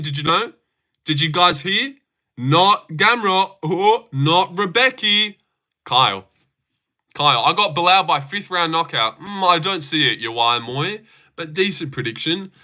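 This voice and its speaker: A man's voice: high-pitched, pushed and bright. A man hosting a casual livestream, chatting with viewers in a rambling, sarcastic way and swearing freely. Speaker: livestream host. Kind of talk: casual livestream chat reading viewer comments.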